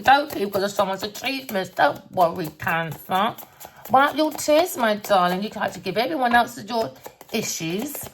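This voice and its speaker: A woman's voice: medium pitch, gravelly, a little hiss or hum. A woman giving a theatrical tarot reading, sing-song and cussing, calling listeners darling. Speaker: tarot reader.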